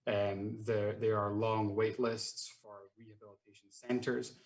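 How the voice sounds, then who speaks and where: A man with a Brooklyn accent, a pastor answering a panel question earnestly, pausing often with ums. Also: fairly low pitch, level tone. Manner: earnest, thoughtful, frequent ums.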